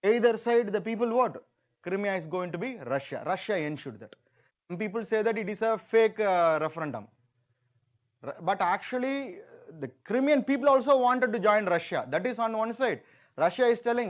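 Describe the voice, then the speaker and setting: A man's voice: high-pitched, expressive, brisk. A man teaching an exam-prep class, explaining in a repetitive, conversational way and often voicing a country in the first person.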